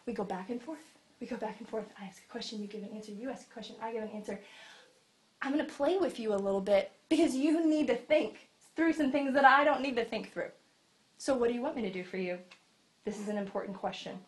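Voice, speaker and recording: A woman preaching a sermon, acting out Bible scenes in a lively storytelling way. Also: on the high side, brisk.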